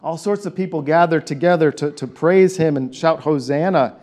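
Animated high-voiced male pastor. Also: normal speed. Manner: animated, conversational, leads call and response. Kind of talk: sermon.

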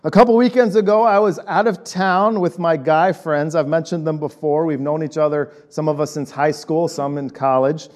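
Pastor, man in his late 30s, casual sermon delivery, slightly higher voice, checks in with the room. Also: fairly even intonation, moderate pace, few pauses, a little mellow. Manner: conversational, checks in with "right?".

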